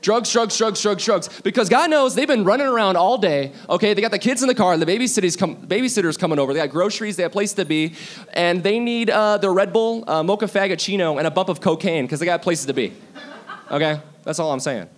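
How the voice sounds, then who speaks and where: Young male comic, high-pitched, rambling and self-deprecating stand-up. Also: fast. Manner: rambling, self-deprecating, drops to mock-low voice for asides. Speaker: stand-up comedian. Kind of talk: stand-up comedy set. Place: bar stage with audience.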